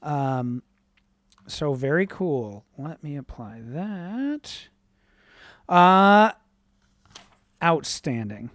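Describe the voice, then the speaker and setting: A game master narrating a tabletop game on a live stream, upbeat and relaxed, filling pauses with lots of "uh" and casual swearing. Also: medium pitch, dry recording.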